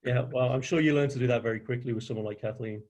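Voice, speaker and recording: A man hosting a webinar over a video call, relaxed and friendly, reading viewer comments and asking interview questions. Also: mid-range voice, rapid-fire. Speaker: webinar host.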